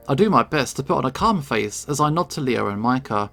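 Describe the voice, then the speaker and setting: A man's voice: medium pitch, lively intonation, a little fast, vocal fry, fairly bright tone, faint music behind. A man reading a visual novel aloud in first person, with dramatic expression. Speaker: game reader.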